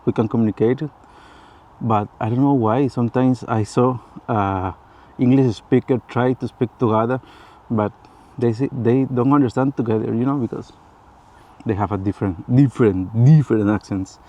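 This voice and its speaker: In halting learner's English shaped by his native Spanish, a man vlogs casually about personal matters to the camera. He restarts and repeats often and laughs a lot, his medium-pitched voice carrying a warm tone.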